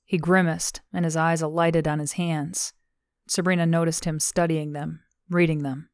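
Low, smooth-voiced woman narrating a novel. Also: little pitch movement, moderate pace, no room sound, clean studio sound. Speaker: audiobook narrator. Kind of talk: scripted audiobook narration.

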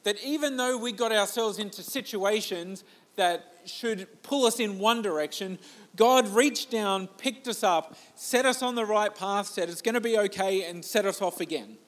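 A man gives a sermon in a loose, chatty way. His voice sits high for a man, and he pokes fun at himself as he goes. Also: moderate pace, a bit bright. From Australia. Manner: conversational, self-deprecating, with restarts. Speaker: pastor.

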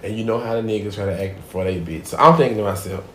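A man hosting a casual podcast, telling a profane story with animated swings between loud bits and hushed asides. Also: on the low side, rapid-fire, slight background noise. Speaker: podcast host. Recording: echoey room.

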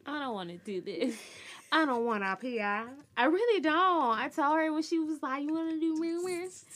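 A young woman tells a story in casual chat, her voice sitting high. She is animated and laughs often. She jumps into other people's voices as she goes. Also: normal speed. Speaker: podcast co-host.

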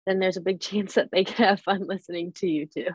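A woman's voice: mid-range voice, steady tone, fairly quick, husky, dry recording. A woman hosting a casual interview, chatty and encouraging toward her guest. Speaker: host.

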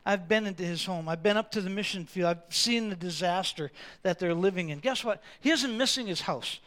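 A man preaches from the pulpit, his voice sitting unusually high. It has a bright, forceful edge. He swings between soft, conversational asides and loud, drawn-out declarations. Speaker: pastor. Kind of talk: sermon.

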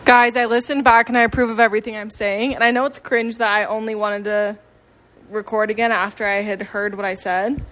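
A woman's voice: mid-range voice, little pitch movement, fairly quick, a bit bright. A nineteen-year-old woman chatting casually into her phone at home, rambling and self-deprecating, full of fillers and restarts. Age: late teens. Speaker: vlogger. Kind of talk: casual confessional chat. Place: home with dogs.

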